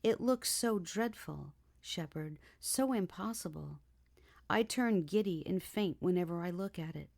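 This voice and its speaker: A woman's voice: on the low side, lively intonation, unhurried, gravelly, a little mellow, heavily acted. A woman reading an audiobook, voicing a timid, frightened young woman who pleads and trembles. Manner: pleading, sobbing, breathless.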